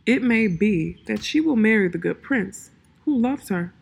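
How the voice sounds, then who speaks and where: Lady reading as a lazy riddling cat, slow sleepy drawl, kinda breathy. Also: mid-range voice, expressive, exaggerated voice. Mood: aloof, solemn. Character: drowsy riddling male cat, aloof and proud.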